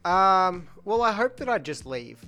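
A man's voice: high-pitched, big pitch swings, unhurried, bright, forceful tone, faint music behind. A man in casual podcast chat, giving dry, practical suggestions. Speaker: podcast co-host.

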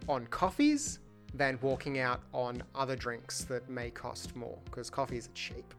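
A man's voice: medium pitch, unhurried, soft background music. A man in casual podcast chat, giving dry, practical suggestions. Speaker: podcast co-host.

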